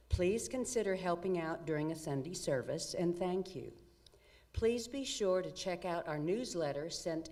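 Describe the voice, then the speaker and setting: A woman reading church announcements in a steady, informative way. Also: lowish voice.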